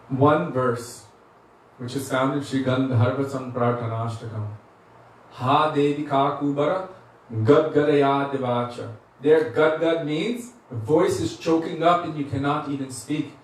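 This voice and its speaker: A man giving a devotional class, telling stories earnestly and acting out the voices of people in them. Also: mid-range voice. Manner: earnest storyteller, acts out quoted voices. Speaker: spiritual teacher giving a class. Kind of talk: devotional lecture with storytelling. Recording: very echoey room, mic at a distance, faint hiss.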